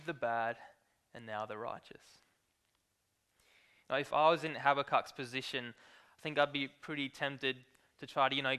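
Male preacher, mid-pitched voice, earnest, measured sermon delivery. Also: bright, forceful tone, smooth. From Australia. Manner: earnest, measured Bible exposition with read-aloud verses.

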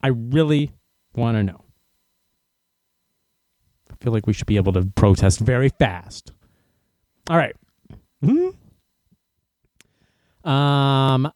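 A man's voice: mid-range voice, animated, measured pace, pauses often, darkish tone, no echo, clean studio sound. A man venting sarcastically and incredulously in a casual monologue, recorded indoors. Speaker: runner venting to camera. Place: indoors in a room.

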